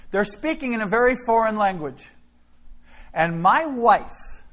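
A middle-aged man preaching, telling a story in an animated, dramatic way. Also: high-pitched. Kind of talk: sermon storytelling. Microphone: filmed by a camera operator.

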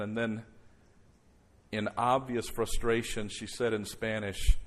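A man preaching a sermon as pastor before a congregation, slowing right down and dropping to a near hush for emphasis, then rising loud. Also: medium pitch, fairly even intonation. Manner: slows down and drops soft for emphasis, then rises loud. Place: church service before a congregation.

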